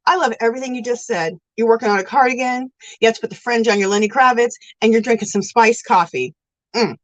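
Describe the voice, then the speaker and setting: A woman hosts a casual yarn crafting livestream, greeting viewers and reading their comments aloud in a chatty, effusive way, calling them "girl" and "sweetie." She talks fast in a fairly high voice, recorded on a phone with no echo but low quality.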